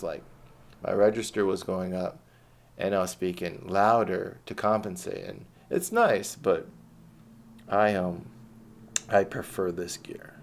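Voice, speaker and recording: Low, gravelly male poet, unhurried and blunt, casual spoken-word delivery. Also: steady tone. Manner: low-key and reflective, swearing freely. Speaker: poet reading his own work. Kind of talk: casual talk and spoken-word poetry reading.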